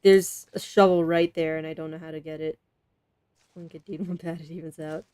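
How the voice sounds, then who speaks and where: A woman's voice: deep voice, level tone, a little fast, dark tone, clean tone, dry recording. A woman streamer playing a game, talking to herself in a chatty, casual way and laughing often.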